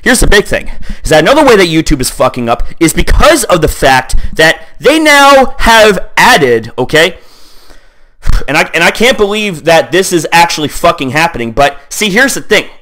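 A man's voice: on the high side, big pitch swings, normal speed, pushed and bright. A young man in a heated, profane rant to camera, sweaty and just back from the gym, who keeps returning to "here's the thing". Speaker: YouTuber.

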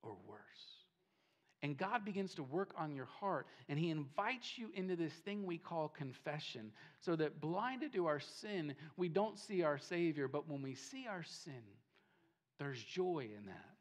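A man's voice: on the high side, lively intonation, a little slow. Male pastor, sermon in a church; emphatic, repetitive, rising and falling delivery. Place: church sanctuary.

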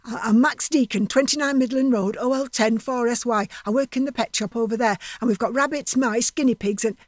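A woman voicing a gentle, eager young man who gabbles excitedly in lists. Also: a little high, measured pace, no echo, clean studio sound, pitched above the performer's own voice. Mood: gabbling.

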